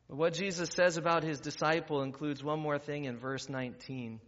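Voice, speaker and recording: Guy preaching in a church, high bright voice, muffled sound with long hall echo. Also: steady tone, moderate pace. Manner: conversational, rising to emphatic preaching. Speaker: pastor. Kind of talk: sermon. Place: church sanctuary.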